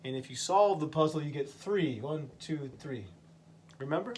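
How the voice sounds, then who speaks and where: A man teaching a vocabulary lesson to English learners, speaking slowly and patiently and repeating each word. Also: fairly high pitch, expressive, a little hiss or hum.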